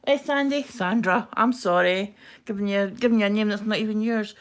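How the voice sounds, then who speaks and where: A woman with a broad Scottish accent chatting quickly and casually to viewers on a live craft stream while she stitches. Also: medium pitch, fairly even intonation. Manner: quick-talking, chatty, self-deprecating. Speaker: craft livestream host.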